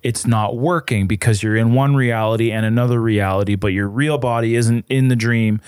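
A man's voice: medium pitch, fairly even intonation, moderate pace, darkish tone, smooth, no echo, clean studio sound. A young man co-hosting a podcast, chatting casually and defending himself in joking banter. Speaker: podcast co-host. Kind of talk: casual chat.

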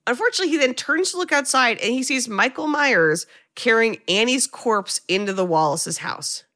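A woman hosting a podcast, casually retelling a film scene by scene with animated delivery and some swearing. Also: fairly high pitch, moderate pace. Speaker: podcast host recapping a film. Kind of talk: casual chat.

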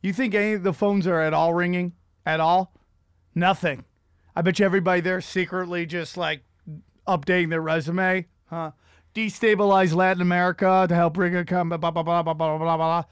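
A middle-aged man hosting a comedy podcast, ranting in a profane, rambling way with loud outbursts. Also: high-pitched, steady tone, normal speed, clear, resonant tone, dry recording, studio quality. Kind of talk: casual comedic rant.

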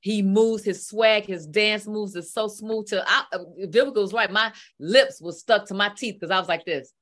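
A woman's voice: mid-range voice, normal speed, a bit bright. A woman co-hosting a talk show, telling a story with enthusiasm in casual chat.

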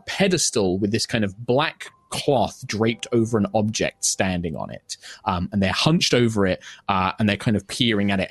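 A man's voice: medium pitch, no room sound. A man running a tabletop game as game master, describing the scene in a loose, rambling way.

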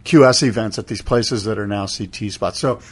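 A man's voice: lowish voice, moderate pace, husky. A middle-aged man co-hosting a casual podcast chat, playful and teasing, quizzing his partner. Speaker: podcast co-host.

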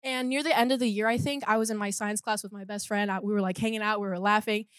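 A woman's voice: mid-range voice, fairly even intonation, fast talker, no echo, clean studio sound. A woman telling a story in casual chat, filling it with "like" and acting out what people said. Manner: chatty, full of "like", acts out quotes.

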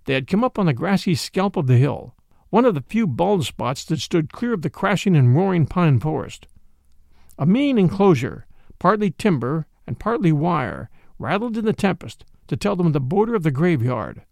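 Gravelly, expressive male storyteller. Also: on the high side, moderate pace, no room sound, clean studio sound. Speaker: narrator. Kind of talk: audiobook reading of a classic mystery.

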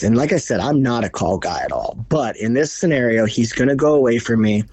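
A man who is a podcast guest, telling a bowhunting story in a casual, animated, profane way. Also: mid-range voice, breathy edge, dry recording. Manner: animated, profane, fast retelling.

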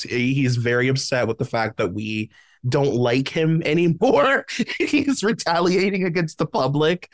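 A playful man co-hosting a pop-culture podcast, his pitch jumping around with plenty of life. He banters casually and laughs easily, and the recording is dry and close. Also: no room sound. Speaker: podcast co-host.

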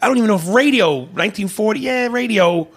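A man chatting casually about a movie, animated, with exclamations and big jumps in pitch. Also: fast.

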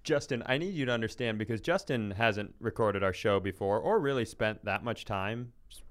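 A man's voice: fairly low pitch, moderate pace. A man co-hosting a comedy podcast, playfully building absurd bits and laughing often in casual banter.

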